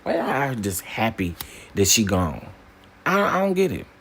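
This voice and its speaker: A man hosting a casual opinion commentary, emphatic and animated, repeating phrases for punch. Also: on the low side, moderate pace, breathy edge. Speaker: commentary channel host.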